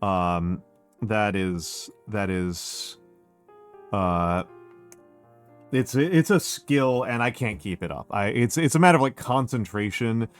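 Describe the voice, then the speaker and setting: A man's voice: on the low side, expressive, takes it slowly, smooth, soft background music. A middle-aged man from Chicago with a Chicago accent touched by New York, chatting casually on a stream in a rambling, self-correcting way full of fillers. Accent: Chicago with some New York. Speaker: VTuber streamer.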